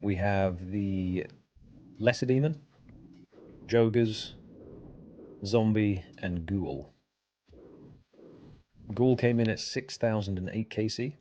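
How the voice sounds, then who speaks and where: A man's voice: on the low side, takes it slowly, pauses often, darkish tone, a little hiss or hum. A man streaming a game, chatting casually and answering his chat while he plays.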